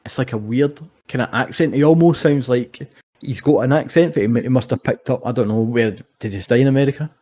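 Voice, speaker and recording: Sweary Scottish man, mellow voice. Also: mid-range voice, fast. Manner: swears freely, animated storytelling. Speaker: co-host. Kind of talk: casual sports chat.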